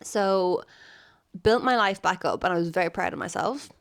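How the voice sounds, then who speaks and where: A woman's voice: fairly low pitch, normal speed. An Irish woman in her thirties, a comedian guest, chatting casually and telling stories animatedly. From Ireland. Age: 30s. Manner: animated storytelling, acts out voices. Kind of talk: casual podcast chat.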